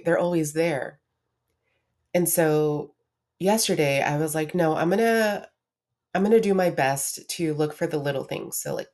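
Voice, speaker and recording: A woman's voice: deep voice, a little mellow. A young woman hosting her own podcast, talking candidly about a hard week in a casual, confessional way with lots of restarts. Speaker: podcast host. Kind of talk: casual personal monologue.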